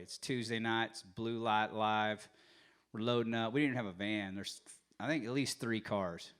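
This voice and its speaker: A man's voice: lowish voice, steady tone, moderate pace, fairly bright tone, clear, resonant tone. A man telling rambling, joking stories between songs as host. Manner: rambling, joking, trailing off with filler. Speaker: host and musician. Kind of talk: casual storytelling between songs.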